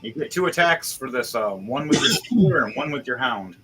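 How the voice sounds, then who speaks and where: A man's voice: mid-range voice, expressive, normal speed, rough recording. A man narrating as game master of a tabletop game, describing combat in graphic, profane detail. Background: music playing.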